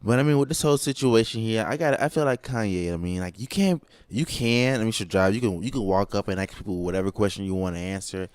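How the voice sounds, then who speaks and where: A man co-hosts a podcast in casual chat, joking and rambling with plenty of fillers. His voice is fairly low and smooth, recorded close and dry. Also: fast talker, hardly any pauses, darkish tone, dry recording. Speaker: podcast co-host.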